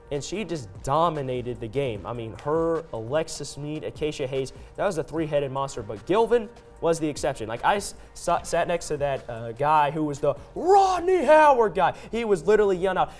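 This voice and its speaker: A young man giving sports analysis on a news desk, energetic and chatty, joking and restarting his sentences. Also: fairly high pitch.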